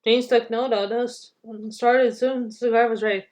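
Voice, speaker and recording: A woman reading a children's storybook aloud, halting with restarts and clearing her throat. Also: fairly high pitch, fairly even intonation, darkish tone, poor audio.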